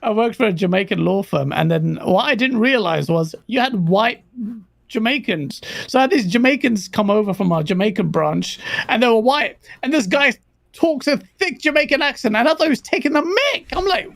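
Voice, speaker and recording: Gravelly man, dry close sound. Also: high voice, expressive, brisk, fairly bright tone, no room sound. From London. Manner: laughs often, enthusiastic. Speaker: podcast co-host. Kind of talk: casual podcast chat.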